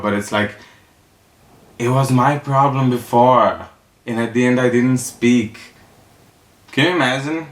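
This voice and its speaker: A comedian telling stories in a campy, sassy stand-up monologue, acting out the people in them. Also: male voice, mid-range voice, normal speed, fairly bright tone. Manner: campy, sassy storytelling with acted-out quotes. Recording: roomy echo.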